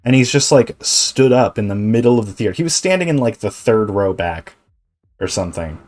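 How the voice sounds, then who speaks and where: A male Twitch streamer chatting casually while gaming, rambling, animated, and swearing freely. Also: lowish voice, brisk.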